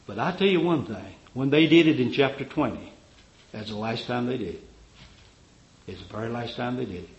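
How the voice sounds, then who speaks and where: A man's voice: expressive, a little fast. Fervent preacher man, echoey lo-fi recording. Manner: fervent, rising to loud cries then dropping low; acts out the voices of Bible figures he quotes. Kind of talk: sermon.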